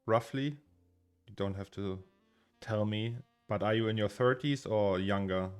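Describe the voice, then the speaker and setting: A man's voice: lowish voice, measured pace, smooth. A man in his thirties from Germany, chatting casually on a live stream, rambling and reading out chat names with frequent chuckles. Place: home studio. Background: faint music.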